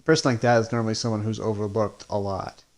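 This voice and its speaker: A man's voice: fairly low pitch, steady tone, fast talker. Hesitant, rambling male comics creator. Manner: hesitant, rambling, frequent restarts. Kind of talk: casual podcast chat.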